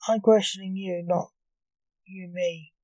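A woman voicing an evasive male coroner who questions a suspect, probing and deflecting, in a mellow voice with a dry sound. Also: fairly high pitch, measured pace, no room sound, voice pushed up, close to an everyday voice, low-quality recording. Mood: questioning.

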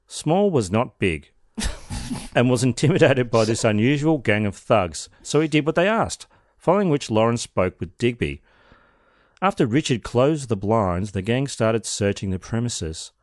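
A man's voice: medium pitch, very animated, a little slow, dry recording, studio quality. A man hosting a podcast, narrating a true crime case with wry, sardonic asides. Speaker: podcast host.

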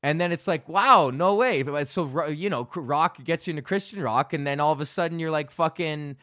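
Profane, animated male podcast host. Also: fairly high pitch, brisk, dry recording, clean studio sound. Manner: profane, animated storytelling with frequent laughs. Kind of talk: casual ranting monologue.

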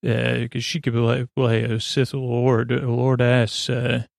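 Gravelly, rambling sleep-podcast host. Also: male voice, medium pitch, completely flat delivery, no echo, clean studio sound. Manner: meandering, full of drawn-out fillers.

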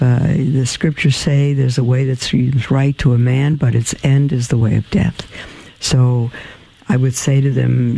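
A tired man hosting a religious radio program, answering listener mail in a halting, plain-spoken way with many ums and restarts. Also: medium pitch, gravelly, dark tone, rough recording. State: tired and yawning. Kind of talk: religious call-in radio talk.

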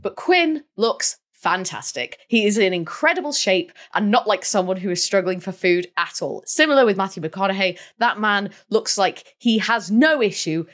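A woman co-hosting a casual film podcast, animated and laughing as she mocks characters. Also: medium pitch, moderate pace, hardly any pauses. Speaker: podcast co-host.

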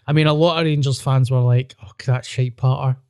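A man's voice: mid-range voice, fairly even intonation, a little fast, a little mellow, clear, resonant tone, dry recording. A Scottish man in casual chat as a podcast guest, blunt and sweary with a dry humour.

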